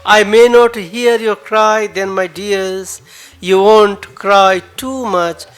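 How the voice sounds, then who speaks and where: A man with a Nepali accent reciting his own poetry at an open mic in a cafe bar, dramatic and emotive, with pauses and repeated lines. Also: high-pitched, fairly even intonation, smooth. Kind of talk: spoken word poetry reading.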